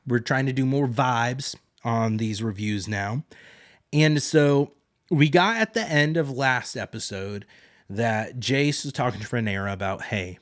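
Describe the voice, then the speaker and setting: Male podcast host, mid-range voice, relaxed chatty recap with loose paraphrase. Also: mid-range voice. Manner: loose, rambling retelling with paraphrased quotes. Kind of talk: casual TV episode recap.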